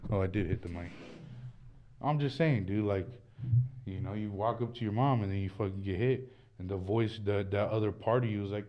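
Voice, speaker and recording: A man's voice: lowish voice, a little fast. A man hosting a casual comedic monologue, rambling and slangy, calling everyone bro and dude. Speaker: host. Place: small room indoors. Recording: dull muffled recording.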